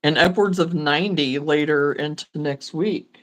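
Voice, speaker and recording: A woman's voice: low-pitched, moderate pace, hardly any pauses. A woman casually hosting a livestream chat, friendly and encouraging. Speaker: livestream host.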